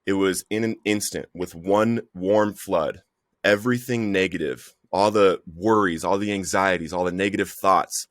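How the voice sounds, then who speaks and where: Low-voiced guy telling his recovery story, keeps saying bro, dry close mic. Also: steady tone, moderate pace, no echo. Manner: earnest storytelling, says "bro" often. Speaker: podcast guest.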